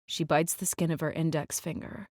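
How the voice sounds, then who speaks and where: A woman narrating a first-person audiobook in a measured, tense, clipped way. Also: low-pitched, steady tone, darkish tone, no room sound, clean studio sound. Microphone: close studio mic.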